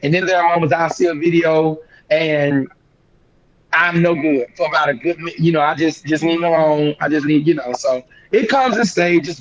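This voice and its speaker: A young man telling a painful family story in an interview, halting and repeating himself, his voice rising when he relives the shock. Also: on the high side, muffled recording, a crowd in the background. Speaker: guest singer.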